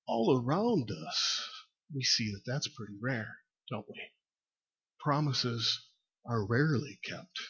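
A man's voice: medium pitch, sharp tone, husky. A male pastor preaching a sermon in a conversational way, with fillers and emphatic repeats. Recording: lo-fi dull recording.

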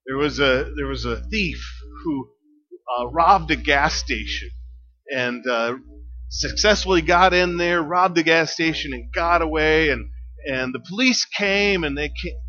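A man's voice: fairly high pitch, pushed and bright. A man preaching a sermon as pastor, telling stories casually with lots of fillers and chuckles. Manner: chatty storytelling with many fillers and chuckles. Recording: dull lo-fi sound.

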